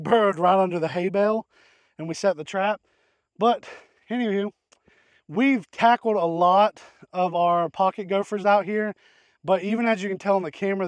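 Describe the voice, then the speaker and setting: A man's voice: high voice, no room sound. A man hosting a farm vlog outdoors, explaining pest control in a folksy, rambling way. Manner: folksy, rambling, fillers and restarts. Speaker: farm channel host. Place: outdoors in a hay field.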